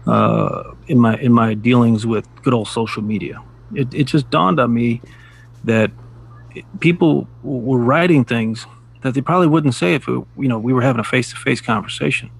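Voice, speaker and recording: A middle-aged man co-hosting a casual podcast, telling reflective stories in a measured way and laughing at his own jokes. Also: mid-range voice, gravelly, breathy edge. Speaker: podcast co-host. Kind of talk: casual chat.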